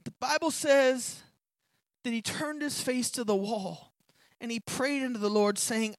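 A preacher delivering an impassioned sermon, building to shouts, then reading scripture lower and quieter. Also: measured pace, no room sound. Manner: impassioned, rising to shouts on key points.

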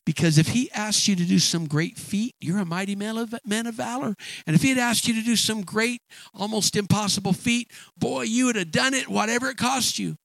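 A male preacher delivers a sermon in a halting, emphatic style and keeps doubling back on his words. His voice sits a little high and has a gravelly edge. The sound is dry and close. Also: a bit bright, no room sound, poor audio.

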